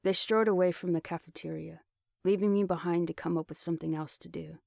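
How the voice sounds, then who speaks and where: A man reads an audiobook in the first person, telling the story steadily. His voice sits a bit high for a man and has a gravelly texture. The sound is dry and close to the mic. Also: steady tone, brisk, a little mellow, dry recording. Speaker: audiobook reader. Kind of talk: audiobook narration.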